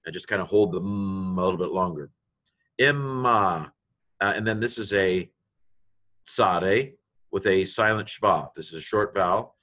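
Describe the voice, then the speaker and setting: A middle-aged male teacher giving a lecture, patiently explaining step by step and slowly sounding out letters and vowels. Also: deep voice, fairly bright tone. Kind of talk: classroom lecture on reading Hebrew.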